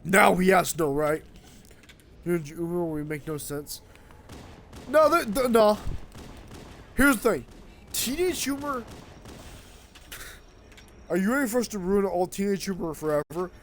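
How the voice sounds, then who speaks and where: A man's voice: high-pitched, moderate pace, long pauses, a little hiss or hum. A young man streaming a game, rambling and swearing freely in casual chat with a friend. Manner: rambling, excitable, swears a lot.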